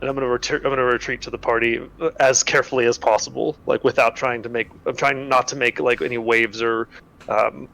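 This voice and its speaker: A man's voice: medium pitch, steady tone, fast, gravelly, fairly bright tone. A man playing a tabletop game, talking casually and rambling with many fillers and restarts. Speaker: player.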